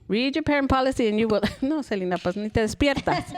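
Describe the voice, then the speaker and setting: A woman's voice: fairly high pitch, expressive, fast talker, background noise. A woman co-hosting a podcast in casual chat, telling parenting stories in a blunt, heated way with plenty of cussing. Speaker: podcast co-host.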